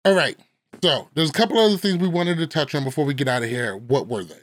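A man hosting a podcast, steering the conversation with playful quick questions. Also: on the high side, a bit bright, no echo, studio quality. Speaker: podcast host. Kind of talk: casual chat about a reality show.

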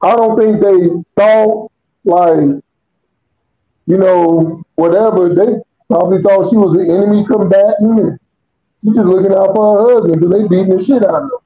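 High-voiced man telling a profane story. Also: moderate pace. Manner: animated, profane storytelling with acted-out quotes. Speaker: podcast co-host. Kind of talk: casual storytelling chat. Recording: dull lo-fi audio.

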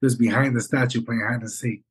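A man co-hosting a podcast, telling a story in an animated, rambling way and swearing often. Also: medium pitch, brisk, crowd noise. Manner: animated, rambling, swears, says "bro" and "you know what I'm saying". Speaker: podcast co-host. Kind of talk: casual storytelling chat.

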